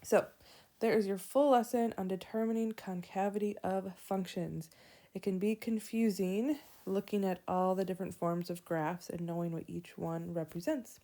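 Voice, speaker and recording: A woman teacher giving a whiteboard math lesson, walking through each step slowly and aloud. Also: medium pitch, steady tone, dark tone. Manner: slow, deliberate, walks through steps aloud. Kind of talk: whiteboard lesson explaining calculus.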